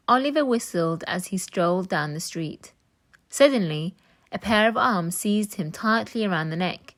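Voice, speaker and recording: Teacher lady reading a kids' book out loud, slow and clear. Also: mid-range voice. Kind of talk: reading a children's book aloud.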